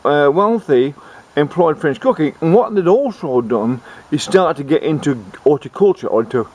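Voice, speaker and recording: A man telling a comic tall tale in a rambling, halting way, often restarting his sentences. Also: fairly high pitch, animated, highs cut off. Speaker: storyteller. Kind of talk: comic folk storytelling.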